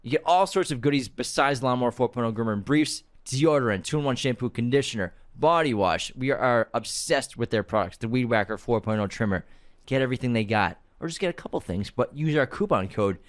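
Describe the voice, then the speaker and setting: Brief: young male co-host, teasing banter, animated intonation. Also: mid-range voice, a little fast. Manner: joking, playful banter. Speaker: podcast co-host. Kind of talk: casual chat with ad reads.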